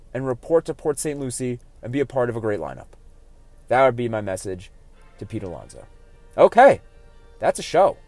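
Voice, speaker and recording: A man hosting his own sports podcast, talking solo and growing heated and animated as he argues his opinions. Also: mid-range voice, no echo.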